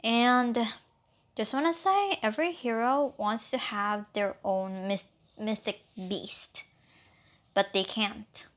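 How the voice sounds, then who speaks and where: Slow, halting woman telling a story. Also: a little high. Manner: halting, meandering delivery with fillers. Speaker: fan-fiction storyteller. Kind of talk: improvised story narration.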